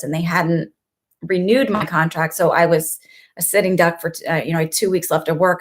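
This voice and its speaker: A middle-aged woman hosting a casual spiritual live stream from home, telling personal stories in an emotional, sometimes tearful way. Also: lowish voice. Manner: emotional, tearful at times, warm storytelling. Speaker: spiritual channel host.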